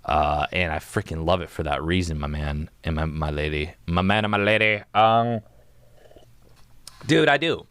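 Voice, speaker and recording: A man's voice: deep voice, moderate pace, fairly bright tone, clear, resonant tone, no room sound. A young man hosting a casual solo podcast from his home music studio, rambling and joking, with "dude" in nearly every other line. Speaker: podcast host.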